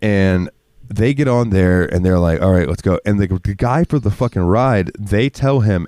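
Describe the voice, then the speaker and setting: A man's voice: on the low side, normal speed, warm tone, no echo, studio quality. A man telling rambling, profane stories as a podcast co-host, laughing often. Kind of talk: casual storytelling chat.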